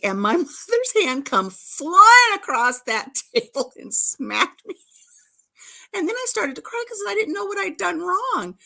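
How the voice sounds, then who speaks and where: A woman's voice: medium pitch, bright, forceful tone. A middle-aged woman hosting a casual livestream, telling childhood stories in a chatty, giggly way with playful innuendo. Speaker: livestream host. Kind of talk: casual chat, storytelling.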